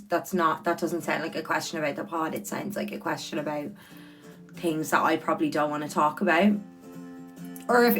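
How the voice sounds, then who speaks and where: A woman's voice: lowish voice, sharp tone. A young woman, hosting a casual livestream and reading out viewer comments in a chatty, earnest way, repeating words for emphasis. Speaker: livestreamer and podcast host.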